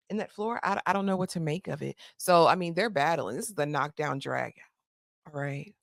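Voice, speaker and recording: A woman's voice: low-pitched, quick pace, creaky, no echo, studio quality. A woman recapping a TV episode in a sassy, chatty way with slangy asides. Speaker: TV recap host.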